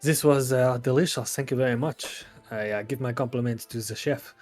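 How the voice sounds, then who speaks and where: Man doing a smooth-talking artificer with a put-on French accent, theatrical, for a tabletop game. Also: medium pitch, moderate pace, darkish tone, soft background music, lightly acted. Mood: charming. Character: charming male artificer with mechanical arms. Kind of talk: tabletop role-play in character.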